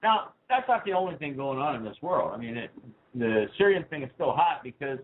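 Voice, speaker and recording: A man hosting his own talk radio show, ranting with heat and swinging from low asides to loud outbursts. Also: big pitch swings, a little fast. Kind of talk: political talk radio rant. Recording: tinny phone-like sound.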